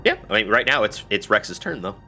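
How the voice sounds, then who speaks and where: A man narrating a tabletop game as game master, relaxed and a little hesitant. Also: lowish voice, fairly quick, soft background music.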